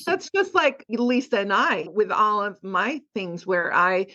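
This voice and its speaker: A woman's voice: medium pitch, lively intonation, a little slow, pushed and bright, dull audio. A woman hosting a casual podcast, asking questions and affirming her guest. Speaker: podcast host.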